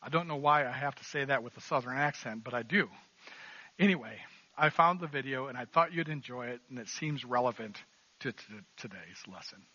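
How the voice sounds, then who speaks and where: Bright-voiced male pastor, dry sound. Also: mid-range voice, animated, brisk, no room sound, highs cut off. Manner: earnest, emphatic, repeating key phrases. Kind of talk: sermon.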